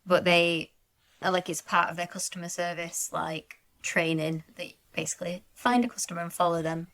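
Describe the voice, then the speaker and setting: A woman co-hosting a podcast, telling stories in a measured way in casual chat. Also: fairly low pitch, steady tone, fairly bright tone. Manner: measured, laughs often while recounting. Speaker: podcast co-host.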